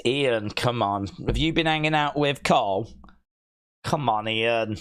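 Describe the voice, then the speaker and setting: A man hosting a live stream, reading viewer comments aloud in casual, playful chat and teasing them, often leaping into a high mock-outraged voice. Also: sing-song, slow pace, fairly bright tone, smooth. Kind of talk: casual watch-along chat.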